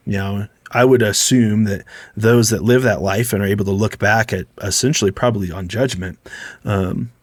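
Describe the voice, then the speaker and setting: A man's voice: fairly low pitch, fairly even intonation, normal speed, dry recording. A man co-hosting a casual faith podcast, talking things through in an earnest way. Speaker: podcast co-host.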